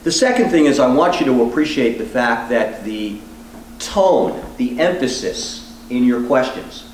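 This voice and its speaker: A man teaching as a law professor, speaking deliberately with measured pauses. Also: medium pitch, big pitch swings, slight background noise. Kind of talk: teaching demonstration. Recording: echoey room, distant mic.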